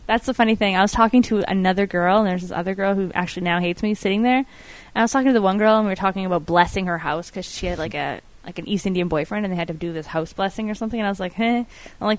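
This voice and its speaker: A woman's voice: medium pitch, racing, dry recording. A young woman co-hosting a casual chat, blunt and giggly as she tells stories. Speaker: podcast co-host.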